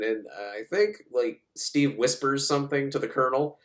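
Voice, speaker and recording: A man's voice: medium pitch, fairly bright tone. A man sarcastically recapping a film in casual talk, swearing and jumping into voices of the characters. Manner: sarcastic, swearing, acts out lines in quick put-on voices. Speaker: movie recapper.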